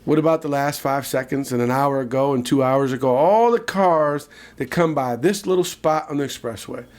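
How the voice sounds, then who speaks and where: A man co-hosting a casual podcast, telling a childhood story with animated asides. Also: mid-range voice, moderate pace. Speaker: podcast co-host.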